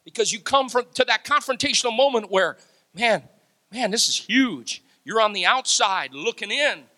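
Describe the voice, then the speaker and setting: Male pastor, energetic sermon delivery, bright tone. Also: high-pitched, normal speed. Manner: animated preaching, laughs, acts out quotes.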